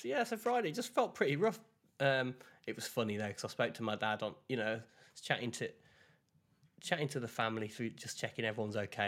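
A man's voice: mid-range voice, a bit bright. A man, chatting casually as a podcast co-host, rambling with fillers and laughing at his own stories while getting over a flu. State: recovering from flu. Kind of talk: casual chat.

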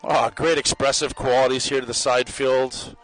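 A man giving running spoken commentary as a marching band judge outdoors on the field, appraising the players with quick bursts of praise. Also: mid-range voice, level tone, dry recording, faint music behind, rough recording. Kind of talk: live judging commentary over a performance. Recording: live brass band loud behind.

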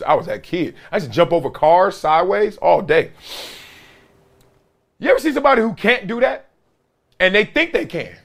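A middle-aged man hosting a sports podcast, talking in a slangy, animated way and acting out his stories. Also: on the high side. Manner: animated, slangy storyteller who acts things out. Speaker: podcast host, former football player. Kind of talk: casual sports commentary.

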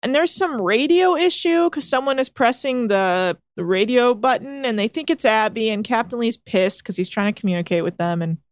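A woman co-hosting a podcast, recapping a reality show in fast, exasperated casual chat. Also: fairly high pitch, no echo, clean studio sound.

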